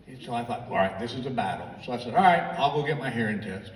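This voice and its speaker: A man's voice: mid-range voice, animated, quick pace. An older American man doing a storytelling stand-up comedy routine on a theater stage, heard through a handheld stage mic from out in the audience. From United States. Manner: storytelling, mimics his wife in quoted lines. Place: large live theater stage. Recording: audience phone recording, roomy and distant. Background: audience laughter and clapping.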